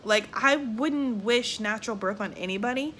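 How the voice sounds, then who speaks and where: A woman's voice: a little high, moderate pace, a little hiss or hum. A young woman with a Southern US accent, telling her own story casually and bluntly, often swearing and acting out what other people said. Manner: candid and blunt, with frequent profanity; animated, acts out quoted people. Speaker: vlogger.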